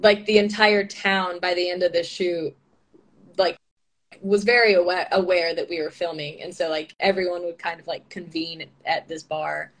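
A woman's voice: on the low side, level tone, moderate pace. A young woman telling stories as a guest in a casual interview, chatty and full of fillers, laughing often. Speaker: actress being interviewed.

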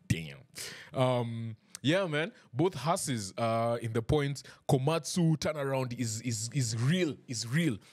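Joking, chatty male podcast host. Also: mid-range voice. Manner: chatty, joking, self-deprecating. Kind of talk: casual chat. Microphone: desk mic.

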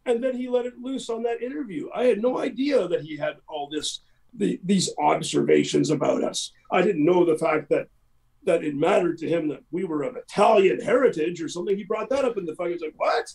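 A man's voice: high voice, lively intonation, a little fast, gravelly, a little mellow. A middle-aged Canadian man, a musician guest in a casual interview, talking in an emphatic, rambling way.

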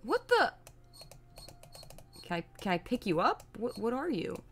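A woman's voice: medium pitch, very animated, fairly quick. A young woman streaming a puzzle game, chatting casually with lots of swearing, giggles and playful sound-effect exclamations. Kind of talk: casual live gameplay commentary.

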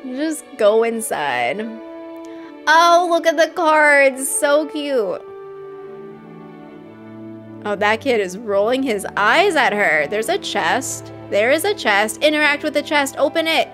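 A woman hosting a live stream, reacting excitedly to a game trailer, gushing and laughing often. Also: on the high side. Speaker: host.

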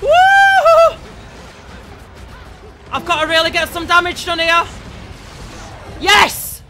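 A man giving live gameplay commentary as a let's play gamer, sweary and excitable, yelling at the game. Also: very high-pitched, fast, faint music behind.

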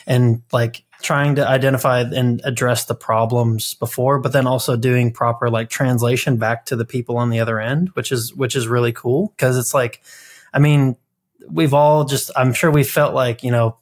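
Man, podcast co-host, casual chat, thoughtful, filler-heavy, middle pitch. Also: steady tone, moderate pace. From Kentucky. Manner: thoughtful, rambling explanations with many fillers.

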